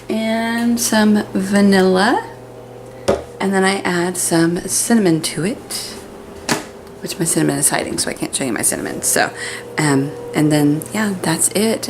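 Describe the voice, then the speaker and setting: A young woman talks casually to her camera at home, upbeat and rambling. Her voice sits a little low. A faint hum of the room runs underneath. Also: creaky. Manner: chatty, cheerful, talks to her pets in baby talk. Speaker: vlogger. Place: home kitchen and living room.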